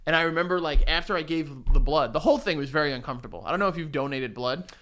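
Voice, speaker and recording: A man's voice: fairly high pitch, pushed and bright. A man co-hosting a podcast, joking around in casual, profane banter. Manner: joking, profane, quick to laugh. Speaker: podcast co-host.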